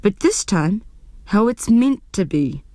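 A cheerful little owl, bright and encouraging, as a woman voices her. The voice lifts higher than the narration, with a close, dry sound. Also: very animated, takes it slowly, no room sound. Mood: chirpy. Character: cheerful female ruru owl, just woken. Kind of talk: storybook reading.

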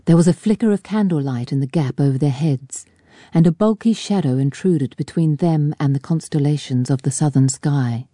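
A woman reading a novel aloud in a measured, even narration on a close mic. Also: low voice, no echo. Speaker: audiobook narrator. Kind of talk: scripted narration.

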